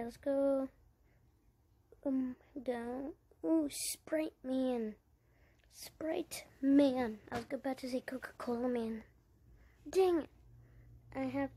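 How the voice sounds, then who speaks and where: A woman's voice: sits high, darkish tone, breathy edge. A woman giving casual let's-play commentary, narrating her own moves and chatting to her viewers. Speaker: gaming channel creator.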